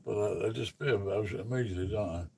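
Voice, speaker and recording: A man's voice: fairly low pitch, quick pace, vocal fry, a little mellow, husky. A man chatting casually as a guest, rambling and restarting his sentences. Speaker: guest on live stream. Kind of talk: casual chat.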